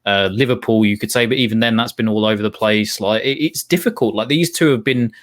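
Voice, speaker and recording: A man co-hosting a casual football chat, animated and laughing often, restarting his sentences. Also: lowish voice, a little fast. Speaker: football podcast co-host.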